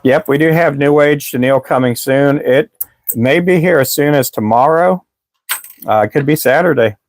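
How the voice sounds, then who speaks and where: Speaking at normal speed in a voice on the high side, with no room sound, a live stream host sells fishing lures while chatting casually with viewers. His talk rambles, he restarts sentences often, and he says he's losing his voice.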